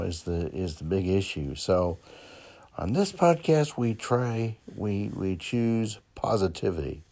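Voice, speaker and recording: A man's voice: deep voice, dark tone. A man hosting a motivational podcast, talking in a folksy, encouraging way with lots of ums and repeated "okay?". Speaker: podcast host. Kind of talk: motivational monologue. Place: Plymouth, Massachusetts.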